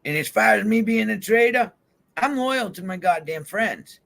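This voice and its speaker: Guy ranting on his vlog, gravelly voice, swearing nonstop, pitch swings all over. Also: expressive, normal speed, fairly bright tone. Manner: heated, swears constantly, addresses people directly. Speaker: YouTube vlogger. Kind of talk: angry profane rant to camera. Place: van.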